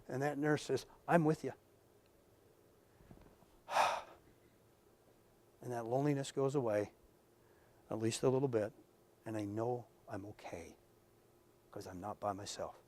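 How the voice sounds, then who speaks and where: A man giving a conversational lecture to a live audience, earnest and full of stories, dropping to a hush and then rising loud. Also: medium pitch, moderate pace, pauses often. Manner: earnest, storytelling, swings from hushed to loud. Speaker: lecturer at professional workshop.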